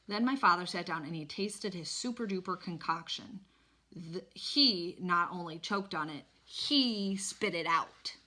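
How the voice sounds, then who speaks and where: A woman reading a children's novel aloud in an expressive, animated storytelling manner. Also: lowish voice. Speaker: reader.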